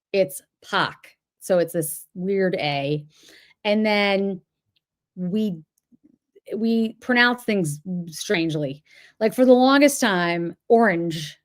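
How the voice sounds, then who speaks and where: Chatty woman hosting a livestream. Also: medium pitch. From Boston area, New England. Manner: chatty, rambling, answers viewers' comments aloud. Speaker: livestream host. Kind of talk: casual livestream chat reading comments.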